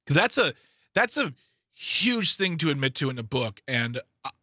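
A man's voice: a little high, big pitch swings, moderate pace, sharp tone, no room sound. A man co-hosting a radio talk show, joking and sarcastic in casual banter on a studio mic. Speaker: radio co-host.

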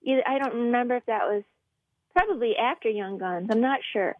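High-pitched, animated woman comedian. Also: moderate pace, no echo, phone-quality sound. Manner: animated, laughing, rambling. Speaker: comedian guest. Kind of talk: casual radio chat.

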